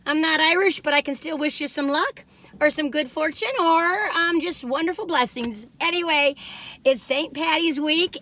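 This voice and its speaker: A woman's voice: high voice, moderate pace, sharp tone, no room sound. A bubbly, giggly woman chatting through a casual food review from inside her car. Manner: bubbly, giggly, sings playful jingles.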